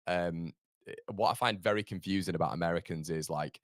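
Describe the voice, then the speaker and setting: A man hosting a casual football podcast, laid-back and quick to laugh. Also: sits low, no echo, clean studio sound. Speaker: podcast host. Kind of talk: casual chat.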